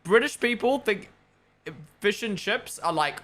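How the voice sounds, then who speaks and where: A young streamer from Australia or New Zealand runs a race watchalong, talking casually through a gaming headset with plenty of rambling, opinions and free swearing. His voice is high and fairly bright, animated but a little slow.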